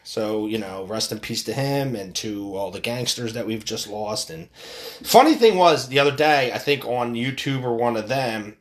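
A man's voice: medium pitch, animated, normal speed. A middle-aged man hosting a solo podcast, ranting in a profane, rambling way with frequent restarts. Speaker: podcast host.

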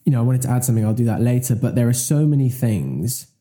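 A man's voice: medium pitch, lively intonation, quick pace, warm tone, soft background music. A man co-hosting a podcast in casual chat, enthusiastic and rambling, often correcting himself mid-sentence. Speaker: podcast co-host.

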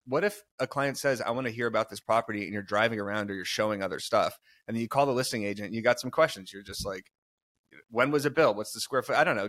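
A man's voice: fairly low pitch, a bit bright, dry recording, clean studio sound. A man co-hosting a podcast, teasing and playfully ribbing his guest in casual chat. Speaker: podcast co-host.

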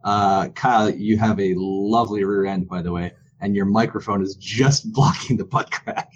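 A man with a fairly low voice jokes his way through a casual co-hosted chat. His audio sounds dull and muffled, with a faint hiss underneath. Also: fairly even intonation, moderate pace. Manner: joking, playful. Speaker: podcast co-host. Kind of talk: casual chat over video call.

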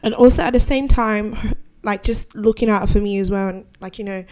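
A woman's voice: mid-range voice, brisk, darkish tone. A young adult woman hosting a podcast in casual chat, candid and heartfelt, full of slang and "like"s. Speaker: podcast host.

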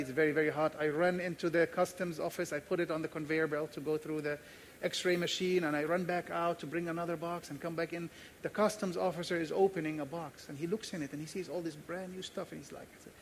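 A man's voice: on the high side, fairly quick, a little hiss or hum. A man from Jordan preaching a sermon as pastor, telling a personal story and acting out its dialogue. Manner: animated storyteller, acts out dialogue.

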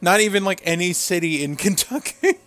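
A man's voice: sits high, expressive, brisk, a bit bright, no room sound. A man co-hosting a casual wrestling recap, retelling scenes with crude humor and frequent laughs. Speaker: podcast co-host.

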